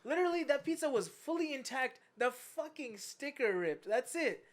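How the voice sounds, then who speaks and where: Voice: sits high, normal speed. A young adult podcast host telling a story in casual chat, swearing often and laughing through it. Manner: profane, laughing, animated storyteller.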